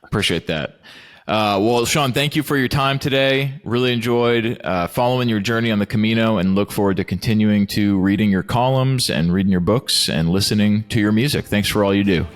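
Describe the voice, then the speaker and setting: Low relaxed guy hosting a chat podcast, friendly, bit hesitant. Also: fairly quick. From born in New Hampshire, raised near Detroit, long in the South. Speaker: podcast host. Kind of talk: casual interview chat.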